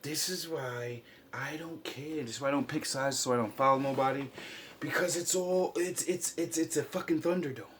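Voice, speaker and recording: A man in a rambling, impassioned vlog monologue, swinging from quiet mutters to loud outbursts. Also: on the high side, moderate pace, slight background noise. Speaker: vlogger.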